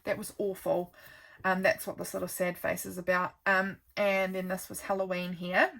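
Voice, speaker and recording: A woman's voice: fairly low pitch, level tone, normal speed, creaky, fairly bright tone. A woman, casually chatting and rambling as she flips through her calendar, with lots of ums. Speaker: vlogger.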